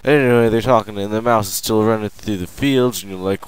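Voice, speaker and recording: A young man doing a rambling sit-down comedy monologue, meandering with lots of fillers and sudden loud outbursts. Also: fairly low pitch, fairly quick, hardly any pauses, slight background noise, low-quality recording. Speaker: amateur comedian.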